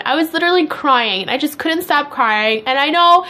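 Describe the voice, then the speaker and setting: A young pregnant woman talks straight to her viewers in a casual vlog. Her voice sits a little high, and she tells her stories in a chatty, animated way, laughing as she goes. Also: a little fast, hardly any pauses. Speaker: pregnancy vlogger. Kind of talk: casual chat to camera.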